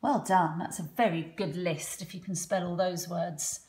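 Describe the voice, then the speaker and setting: A woman teaching a children's phonics lesson from home, slowly sounding out letters one by one with patient encouragement. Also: fairly low pitch, fairly even intonation, a little mellow. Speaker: primary school teacher.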